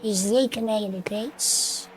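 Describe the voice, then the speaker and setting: A woman commentating an online sim race, slow and halting, with fillers and restarts, and she has the hiccups. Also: mid-range voice, a little hiss or hum, poor audio.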